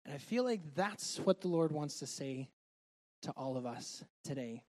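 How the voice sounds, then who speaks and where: A man preaching a sermon and sharing a personal testimony, earnest and heartfelt, moving between loud and soft delivery. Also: fairly high pitch, animated, a little slow.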